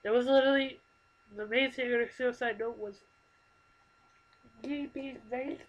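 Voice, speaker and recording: Earnest young woman, slightly high voice. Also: fairly even intonation, muffled recording. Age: 20s. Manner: halting, earnest, emotional. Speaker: vlogger. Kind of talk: confessional personal talk to camera. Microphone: computer microphone.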